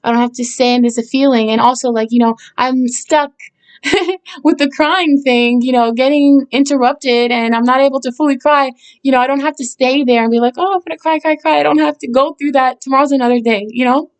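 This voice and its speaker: A woman's voice: high-pitched, steady tone, a little fast, smooth. A woman songwriter talking casually about her own song, hesitant and searching for words with many fillers and restarts, earnest and reflective. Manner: reflective and earnest, with short laughs.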